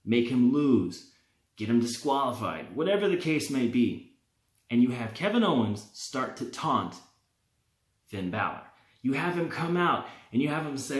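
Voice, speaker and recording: A man hosting a wrestling vlog, talking in an animated, opinionated way and laughing now and then. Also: mid-range voice, a little slow. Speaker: wrestling vlogger. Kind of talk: casual fantasy-booking talk. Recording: roomy, echoey.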